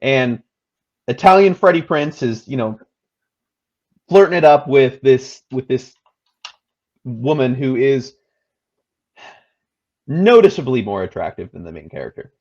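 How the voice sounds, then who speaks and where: 30s guy cohosting a movie chat, really lively pitch, swears a lot, muffled lo-fi sound. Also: unhurried, long pauses. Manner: expressive, swears casually, laughs often. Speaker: co-host. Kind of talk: casual movie review chat. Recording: dull lo-fi sound.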